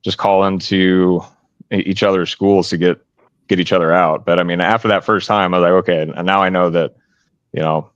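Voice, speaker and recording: A man with a very low voice tells a story at an easy, rambling pace, dotted with "uh" and "um". The recording is dry and slightly dull, as if the highs were muffled. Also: fairly even intonation, fairly quick, no room sound. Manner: rambling, many "uh" and "um" fillers. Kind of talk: casual storytelling.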